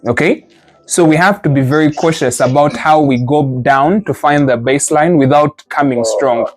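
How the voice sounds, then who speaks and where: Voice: mid-range voice, moderate pace. Patient language teacher, group lesson, corrects with repeated no's, faint music behind. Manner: models sounds, then explains with playful imagery. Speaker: Mandarin teacher. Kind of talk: live group lesson drilling tones.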